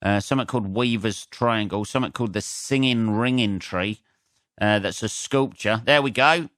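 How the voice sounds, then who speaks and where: A man talks alone into the mic with a blocked nose, his lowish voice crisp and bright. He rambles and swears in a sarcastic way, laughing at his own jokes, with almost no room sound around him. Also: normal speed, no room sound, studio quality. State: stuffy nose from a cold. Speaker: comedian and podcast host. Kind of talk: solo podcast monologue.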